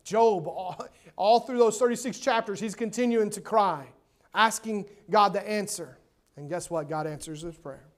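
A man preaching a sermon in a church, emphatic, swinging between loud and hushed and repeating words to stress his points. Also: high voice, moderate pace. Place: church sanctuary.

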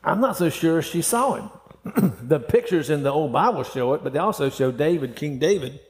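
A man's voice: on the high side, lively intonation, normal speed. Folksy man preaching in a hall. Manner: folksy preaching, acts out quoted voices, laughs often. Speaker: pastor. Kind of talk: sermon. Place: church hall.

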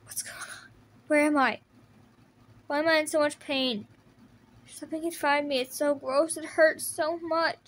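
A woman playing a hurt teenage turtle boy, pained, breathless, high-pitched voice. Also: steady tone, a little slow, pauses often, a bit bright, a little hiss or hum. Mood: weak. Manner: breathless, pained, whispering at times. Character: wounded teenage male turtle leader, desperate. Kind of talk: fan audio drama voice acting.

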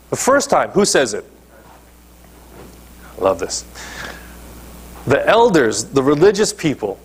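Husky-voiced male pastor preaching. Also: mid-range voice. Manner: emphatic preaching, checks in with listeners. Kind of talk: sermon. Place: church.

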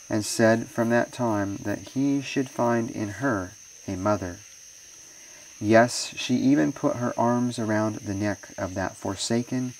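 A man, a minister, reading a moral story aloud in a measured, solemn way. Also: fairly low pitch, darkish tone, recorded from a distance, slight background noise, poor audio.

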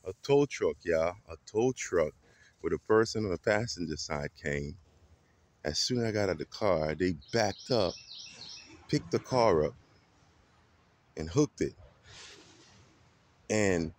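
A man vlogging a casual, animated story that he retells dramatically and that is full of acted quotes. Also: sits low, a little slow, long pauses, dry recording.

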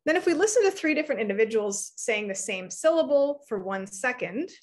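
A woman in her thirties giving an academic lecture, explaining research in a clear, measured way. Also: on the high side, animated.

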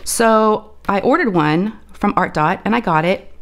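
A woman hosts a crafting video, chatting casually as she works on camera. Her voice runs deeper and scratchy because of allergies, and her folksy, chatty talk, sprinkled with "y'all," moves a little slowly.

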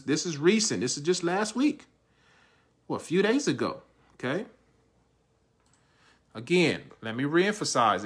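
A man promoting an online income scheme in a hyped screen-share walkthrough. His delivery is salesy and repetitive, he keeps calling viewers "guys", and his phrases often trail off quietly. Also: medium pitch.

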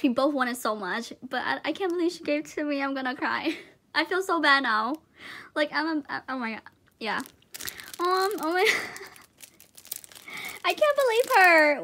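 Brief: high-pitched woman, excitable unboxing vlogger, gushes and exclaims, home tripod-camera sound. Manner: gushing, excitable, repeats exclamations, laughs often. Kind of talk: unboxing vlog, casual chat to camera.

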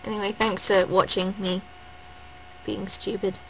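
A woman vlogging at home, gushing and rambling in a breathless, excited rush. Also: medium pitch, a little slow, a little hiss or hum, low-quality recording. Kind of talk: excited personal vlog. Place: at home indoors.

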